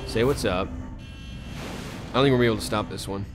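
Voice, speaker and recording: A let's play host records casual gameplay commentary in a lowish voice, speaking fairly quickly over background music. He talks to himself and breaks into sudden, frustrated outbursts.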